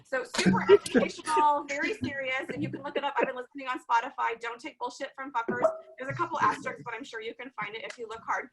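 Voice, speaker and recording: A woman's voice: high voice, lively intonation, fast talker, creaky, hardly any pauses, over music, poor audio. A woman hosting a video-call comedy show, introducing comics in a bubbly, gushing way. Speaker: host.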